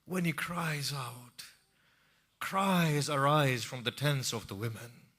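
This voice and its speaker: A man narrating an emotional religious story in a sermon, moving from hushed tones to impassioned cries. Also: medium pitch, slow. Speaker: preacher.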